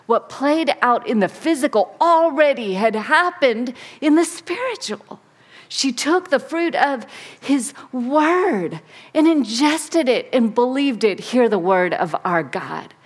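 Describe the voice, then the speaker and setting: A woman pastor preaching a sermon, dramatic and swinging between soft and emphatic. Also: sits high, lively intonation, takes it slowly, husky.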